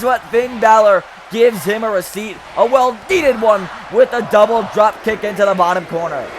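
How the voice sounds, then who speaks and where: A young man giving loud, excitable play-by-play commentary on a wrestling video game match, hyping the action and trash-talking the wrestlers. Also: high-pitched, a little hiss or hum.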